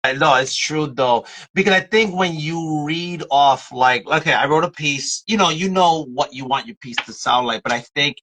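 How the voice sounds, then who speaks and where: A man hosting a podcast interview, asking loose, rambling questions in relaxed casual chat. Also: fairly high pitch, normal speed, hardly any pauses, poor audio. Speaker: podcast host.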